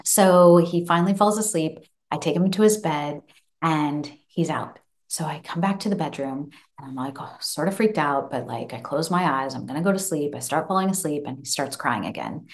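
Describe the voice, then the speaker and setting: Lower-voiced woman telling a spooky story. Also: normal speed. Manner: animated, acts out the child's voice with laughs. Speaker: podcast host. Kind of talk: casual storytelling. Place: home office room.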